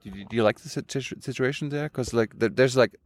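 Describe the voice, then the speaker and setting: A man's voice: mid-range voice, quick pace. Man asking pointed interview questions. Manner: probing, challenging questions. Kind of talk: conversational interview.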